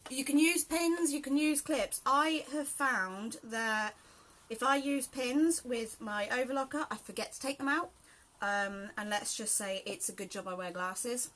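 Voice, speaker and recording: A woman's voice: a little high, measured pace, fairly bright tone, a little hiss or hum. A woman from southern England with an accent mixing southern English and South Yorkshire, hosting a live sew-along tutorial and chatting to viewers by name. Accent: southern English mixed with South Yorkshire. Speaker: sewing host.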